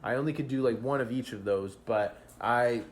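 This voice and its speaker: A man's voice: medium pitch, moderate pace, close to an everyday voice. A man voicing an eager young male halfling apprentice who begs and pleads. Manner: begging, breathless excitement.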